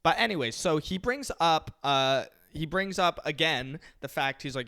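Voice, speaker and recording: A young man with a bright, forceful, slightly high voice tells a story on a casual podcast. He is a comedian and acts out the people he quotes with animated energy. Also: moderate pace, few pauses, smooth.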